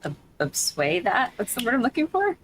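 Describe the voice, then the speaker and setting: A woman's voice: a little high, huge pitch swings, moderate pace, slight background noise. Chatty woman playing a game. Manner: chatty, playful, wondering aloud. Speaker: co-player. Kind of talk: casual let's play chat.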